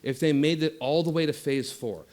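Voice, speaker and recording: A man speaking as guest speaker at a spiritual center, giving an impassioned talk that swings from loud exhortation to soft meditation guidance. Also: fairly high pitch, normal speed.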